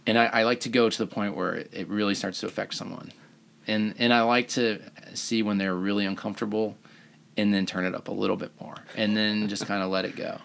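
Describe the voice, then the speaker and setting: A man's voice: lowish voice, steady tone, fairly quick, gravelly, a bit bright, slight background noise. A man, a surgeon hosting a podcast, telling rambling self-mocking stories in casual chat.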